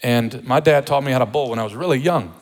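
A pastor preaching a sermon with emphasis, repeating rhetorical questions to the congregation. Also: male voice, medium pitch, fast, in a large hall.

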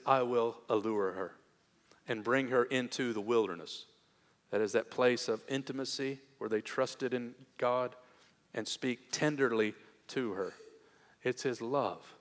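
A man preaching a sermon as pastor, earnest, moving between hushed tender passages and raised emphatic ones. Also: medium pitch, unhurried. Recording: long hall reverb.

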